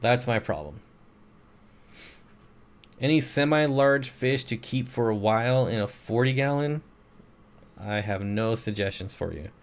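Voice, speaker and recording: Tired from too little sleep, a man hosting a casual live stream reads out viewer questions and answers them in an easygoing, wandering style. His medium-pitched voice is measured and broken by frequent pauses, captured on a streaming mic.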